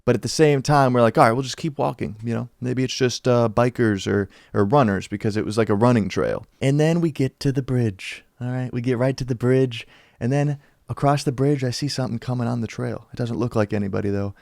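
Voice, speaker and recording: A young man casually telling a story from his school days over gameplay, slangy and animated, acting out what people said. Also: fairly quick, creaky, no room sound, clean studio sound. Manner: animated, slangy, acts out quotes with shifting pitch. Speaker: YouTuber telling a life story.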